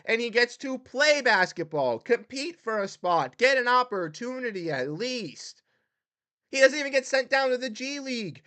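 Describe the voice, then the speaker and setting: A man hosting a sports livestream, ranting heatedly and swinging between loud outbursts and muttered exasperation. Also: very high voice, clean tone, no echo. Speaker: sports podcast host. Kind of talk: livestream rant.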